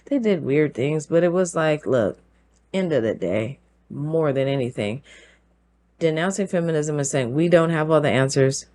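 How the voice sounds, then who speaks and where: A woman hosting her own show, talking through a forceful opinion monologue, firing off rhetorical questions and laughing between points. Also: low voice, animated, normal speed. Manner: emphatic, fires rhetorical questions. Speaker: show host.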